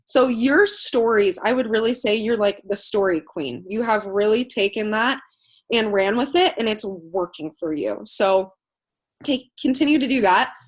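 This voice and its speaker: A woman's voice: medium pitch, moderate pace. A woman leading her team call, gushing with thanks and praise in a chatty way. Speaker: team leader.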